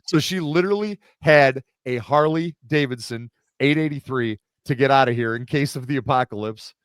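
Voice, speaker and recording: A middle-aged man hosting a podcast in casual chat, an animated storyteller who acts out the people he quotes. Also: medium pitch, moderate pace, clear, resonant tone, no echo, studio quality. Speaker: podcast host.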